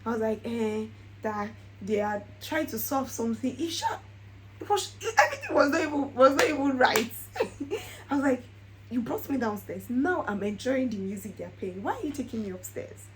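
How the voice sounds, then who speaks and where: A young woman chats through a personal story in a casual vlog. Her fairly high voice swings widely up and down as she laughs her way along. A faint hiss sits under the recording. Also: normal speed, poor audio. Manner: animated, laughs often while telling. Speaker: vlogger.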